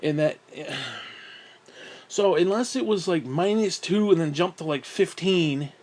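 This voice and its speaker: A man's voice: high-pitched, unhurried, a little mellow. A young man rambling through a casual, profane vlog monologue, often breaking into laughs and sighs. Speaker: vlogger.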